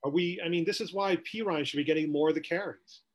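A man's voice: on the high side, fast, muffled recording. A man co-hosting a sports podcast, ranting with rhetorical questions in casual talk.

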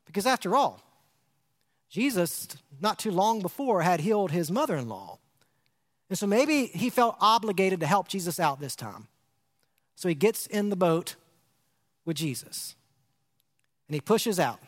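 A man's voice: sits high, big pitch swings, a little slow, pauses often, a bit bright. A man pastor preaching a conversational sermon, asking the congregation questions and often repeating words as he restarts phrases. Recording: long hall reverb.

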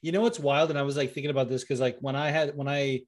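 A man's voice: medium pitch, fairly even intonation, quick pace, dry recording. Laughing, swearing podcast host man. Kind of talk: casual chat.

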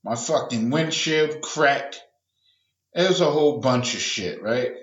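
A man's voice: mid-range voice, unhurried, a bit bright, reverberant, muffled recording. A man hosting a podcast alone, ranting casually and profanely, wandering off track and acting out other people's voices. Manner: profane, rambling, acts out quoted voices. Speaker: podcast host. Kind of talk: casual solo rant.

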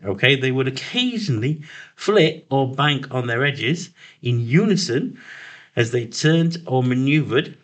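A man's voice: mid-range voice, expressive, unhurried. A man co-hosting a casual chat, reading out an account with frequent stumbles and self-corrections. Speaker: podcast co-host reading the story. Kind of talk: casual banter, reading out notes.

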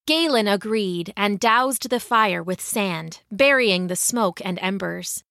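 A woman storyteller reading a scripted children's story aloud in an even, unhurried way. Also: medium pitch, creaky, dry recording, clean studio sound. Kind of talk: scripted narration.

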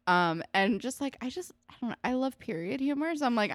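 A woman's voice: fairly high pitch, expressive, brisk, no room sound, studio quality. A woman co-hosting a podcast, chatting casually about a TV episode with lots of fillers and swearing. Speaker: podcast co-host. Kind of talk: casual chat recapping a TV episode.

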